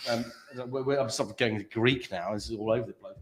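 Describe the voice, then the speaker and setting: A man in a meeting room, chatting casually about tech in a rambling, playful way full of halting restarts. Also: fairly low pitch, slight background noise. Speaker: guest, tech industry worker. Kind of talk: casual chat.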